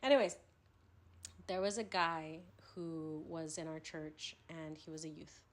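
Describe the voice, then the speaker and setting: A young woman hosting a podcast, telling animated stories in casual chat with laughter. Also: low voice, measured pace. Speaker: podcast host. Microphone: podcast microphone.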